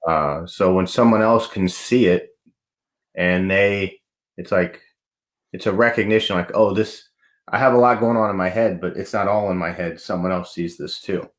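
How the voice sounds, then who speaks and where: Low-voiced man hosting a podcast. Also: steady tone, moderate pace. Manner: supportive, reflective, plain-spoken. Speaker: podcast host. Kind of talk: conversational interview.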